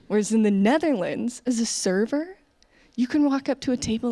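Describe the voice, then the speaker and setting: A woman's voice: on the high side, expressive, a little fast, warm tone. An American woman performing live stand-up comedy on a stage, talking in a chatty way with frequent "like" and "okay" asides. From United States.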